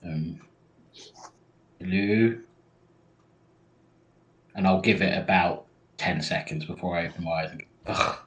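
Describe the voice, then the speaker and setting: Deep-voiced man playing a tabletop game. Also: level tone, fairly quick, hardly any pauses, a bit bright, muffled recording. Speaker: player. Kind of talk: casual tabletop play.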